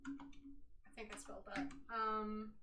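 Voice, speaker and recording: A woman streamer chatting excitably during a live game, swearing and laughing often. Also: mid-range voice, takes it slowly, background noise. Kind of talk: live stream chat while playing a game. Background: keyboard typing.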